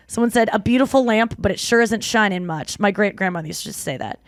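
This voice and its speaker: A woman hosting a podcast, chatting casually and reading listener letters aloud with quick asides. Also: mid-range voice, no echo, studio quality. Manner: animated, laughing, reads letters aloud with asides. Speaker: podcast host.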